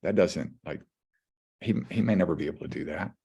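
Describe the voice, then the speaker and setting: A man in his forties speaks with a very low voice in an earnest, heartfelt way. He often restarts his sentences while he shares thoughts as a podcast guest. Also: fairly quick, dark tone, slightly rough, dull audio. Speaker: podcast guest, former pitcher and high school coach. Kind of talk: casual conversation.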